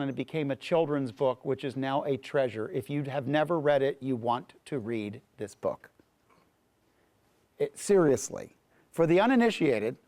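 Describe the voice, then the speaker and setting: A man who is a pastor and Bible teacher, telling a story in a class in an animated way, often repeating words. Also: fairly high pitch, dry recording.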